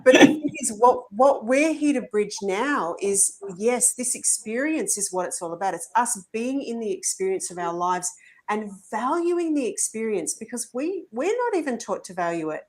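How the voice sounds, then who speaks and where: A woman's voice: a little high, expressive, normal speed. A woman podcast host speaks earnestly and searchingly, with many fillers, in a casual interview chat.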